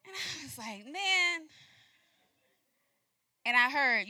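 Bright animated woman telling a story. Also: high-pitched, slow, long pauses, dry recording. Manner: animated, acts out dialogue with laughs. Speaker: speaker giving a message. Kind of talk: storytelling sermon.

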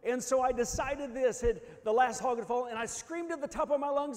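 A man preaching a testimony sermon, swinging from hushed, low stretches to loud shouts, often restarting his words. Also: quick pace, few pauses. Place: church hall. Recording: long reverb of a church hall.

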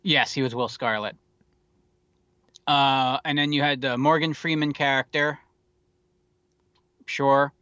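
Male podcast co-host, casual and rambling, profane asides, crisp dry close sound. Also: medium pitch, steady tone, takes it slowly, long pauses, bright, forceful tone, no room sound, lo-fi sound. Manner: rambling, wry and profane, with many fillers. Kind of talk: casual movie chat.

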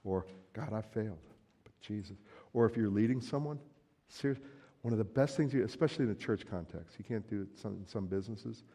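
A man's voice: lowish voice, fast, warm tone, breathy edge. Joking, conversational male pastor in echoing hall. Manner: conversational and joking, acting out everyday quotes. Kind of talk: sermon. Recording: long hall reverb.

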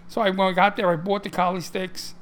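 A man's voice: high voice, little pitch movement, fast talker. A man co-hosting a podcast in casual chat, rambling with many restarts and fillers. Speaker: podcast co-host.

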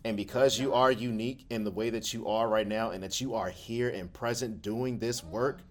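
Low-pitched man, earnest and emotional, casual heartfelt group chat. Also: steady tone, moderate pace. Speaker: support group co-founder. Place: hotel room with a group.

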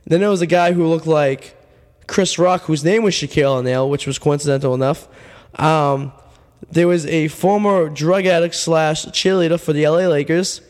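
A male radio host, telling a rambling, deadpan absurd story full of fillers, his voice getting worn. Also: a little high, moderate pace, long reverb tail. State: losing his voice. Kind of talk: casual storytelling monologue.

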